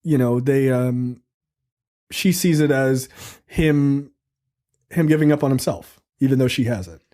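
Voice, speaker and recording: A man's voice: medium pitch, measured pace, dark tone. A man co-hosting a film review podcast in casual, profane, joking chat, acting out quotes.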